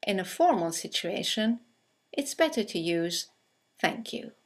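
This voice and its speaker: A woman narrating a scripted English conversation lesson, reading example greetings aloud with slow, clear delivery. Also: medium pitch, sing-song. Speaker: English teacher.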